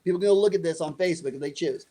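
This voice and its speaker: A man's voice: on the high side, very fast. A middle-aged man telling a story in an interview, acting out the other voices in it. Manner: animated, acts out dialogue. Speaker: guest.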